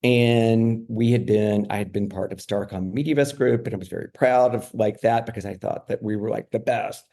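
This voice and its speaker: Low gravelly middle-aged man, candid storyteller. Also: steady tone, moderate pace, hardly any pauses, mellow. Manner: frequent fillers like "like" and "you know". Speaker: podcast guest.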